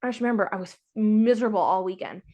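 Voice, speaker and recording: A woman in a casual talk, speaking frankly and with some exasperation. She acts out the other people's lines in quotes as she tells the story. Her voice sits at a medium pitch. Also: quick pace, mellow, lo-fi sound. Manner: storytelling, acting out quoted dialogue. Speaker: podcast host sharing her surrogacy story. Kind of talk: casual chat.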